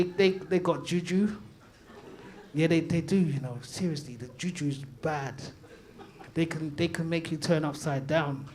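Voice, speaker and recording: A man with a London accent doing open-mic stand-up on a comedy night stage. His voice sits high for a man, and he talks loudly, laughing through his lines and trading calls with the crowd. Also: a little hiss or hum. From Brixton, London. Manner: loud, chatty, laughing, riffs with the crowd.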